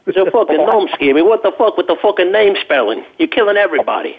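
A man calling in as a guest to a talk show, animated, profane and joking. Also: high-pitched, quick pace, husky. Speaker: radio guest. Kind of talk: casual radio interview banter. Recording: tinny phone line.

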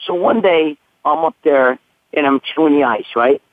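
A man's voice: a little high, normal speed, dry recording. Profane, rambling man on a phone line. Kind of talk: crude casual storytelling. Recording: tinny phone line, dry.

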